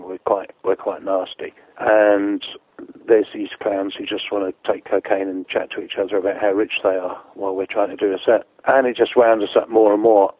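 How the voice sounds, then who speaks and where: A man with a fairly low voice recounts a lengthy, sweary tour anecdote in a relaxed way, often laughing and imitating others' lines. The recording is dry, with narrow, tinny audio.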